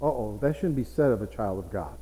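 A man's voice: on the low side, lively intonation, brisk, dark tone. A man preaching a sermon as pastor, with playful asides to his congregation. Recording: reverberant hall.

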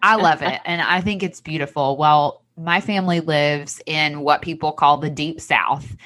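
A woman's voice: low-pitched, fairly even intonation, moderate pace, a bit bright. A woman with a Southern American accent hosting a faith podcast, gushing and effusive with her guest. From Tennessee, US. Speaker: podcast host.

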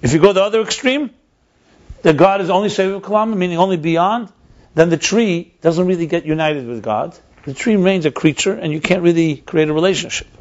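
A man explains ideas in a conversational teaching style, emphatic and repeating his key points. His voice is high-pitched and fairly quick, and the recording is dull and lo-fi.

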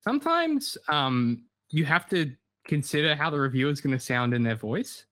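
A man co-hosting a comedy podcast, joking and playful. His voice sits a little high and swings widely in pitch. The sound is dry and close, with no room echo. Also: moderate pace. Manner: animated, playful, jokey. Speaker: podcast co-host.

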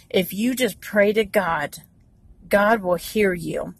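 A woman's voice: medium pitch, slow pace, no room sound. A woman giving an earnest, encouraging devotional talk from inside her parked car, with many fillers. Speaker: devotional speaker.

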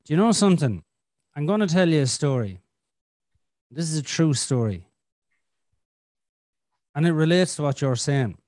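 Expressive Irish man telling a story. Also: fairly high pitch, moderate pace, pauses often, no room sound, clean studio sound. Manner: flamboyant, expressive storyteller who swears freely. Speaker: podcast host. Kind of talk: casual storytelling chat.

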